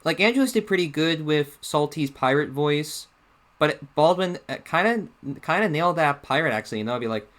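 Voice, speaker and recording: A man's voice: a little high, animated, a little fast, a bit bright. A man giving casual video commentary, talking hesitantly with many restarts. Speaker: YouTuber.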